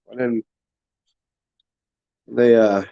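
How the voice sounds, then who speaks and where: This host speaks very slowly in a gravelly, dark, mid-range voice with flat delivery, and the recording is muffled. He chats casually on his livestream, rambling, laughing often, and talking with his mouth full as he eats and drinks.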